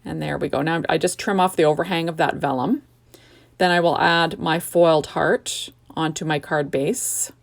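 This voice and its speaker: A middle-aged woman talks through her card-making steps in a relaxed, chatty way. Her voice sits a little low with a gravelly edge. She wanders through fillers and restarts as she works at home. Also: moderate pace. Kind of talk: casual crafting tutorial voice-over. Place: home craft room.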